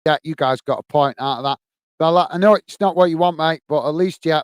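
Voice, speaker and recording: A middle-aged man runs a football fan live stream, reading out comments and thanking each viewer by name with plenty of "mate" and "top man." His slightly high voice is brisk and clean on a dry recording, and his friendly manner means repeated thanks in a casual chat.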